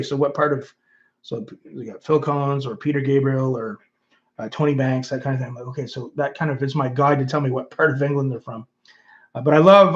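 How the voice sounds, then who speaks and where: Rambling Canadian man, dull livestream audio. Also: medium pitch. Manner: musing, rambling, with many fillers. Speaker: host of his own channel. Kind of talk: casual livestream chat reading viewer comments.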